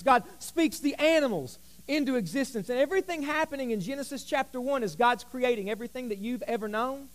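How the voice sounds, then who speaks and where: A man preaching a sermon as pastor, emphatic, repeating key lines and joking with the congregation. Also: high-pitched.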